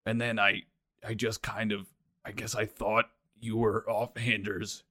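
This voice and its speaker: A man playing a guilt-ridden young adventurer in a tabletop game, rambling with halting restarts and frequent swearing. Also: lowish voice, level tone, pushed and bright, no room sound, clean studio sound, pitched below the performer's own voice. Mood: remorseful. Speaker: player. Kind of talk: in-character tabletop role-play.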